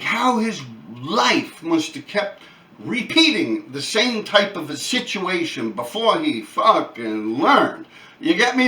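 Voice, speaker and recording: A man, telling profane, animated street stories on his own channel. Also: sits high, distant mic. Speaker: channel host. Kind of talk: casual storytelling. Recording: echoey room, off-mic.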